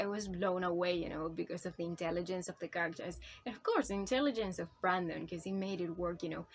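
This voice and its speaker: A woman talking casually in a book review vlog, gushing and swearing a lot, rambling with constant "like" and "you know", and emotional enough to come close to tears. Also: medium pitch. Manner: gushing, profane, rambling with many fillers.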